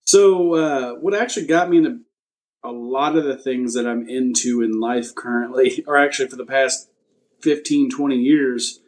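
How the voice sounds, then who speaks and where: A relaxed man talks about himself as a guest on a podcast, his mid-pitched voice easygoing. He hesitates often and pokes fun at himself. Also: moderate pace. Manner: laid-back, self-deprecating, hesitant with fillers. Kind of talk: casual interview chat.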